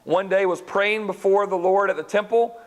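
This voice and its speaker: Animated man teaching a Bible class. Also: high-pitched, normal speed, poor audio. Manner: lively storytelling, acts out characters, talks to class directly.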